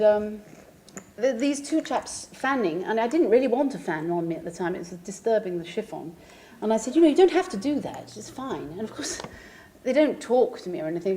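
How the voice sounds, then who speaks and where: A woman pianist telling an anecdote with lively, theatrical delivery and laughing asides. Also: medium pitch, slight background noise. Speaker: pianist and storyteller. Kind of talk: anecdotal storytelling.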